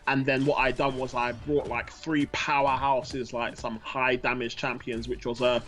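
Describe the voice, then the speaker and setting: A man's voice: mid-range voice, level tone, normal speed, a bit bright. Chatty laughing guy, says bro a lot. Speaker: co-host reading chat questions. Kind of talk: casual gaming chat.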